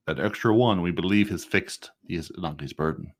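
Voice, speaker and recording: A man's voice: low-pitched, normal speed, hardly any pauses. A man co-hosting a gaming podcast with dry, mock-disappointed humor. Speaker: podcast co-host. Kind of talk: casual gaming podcast chat.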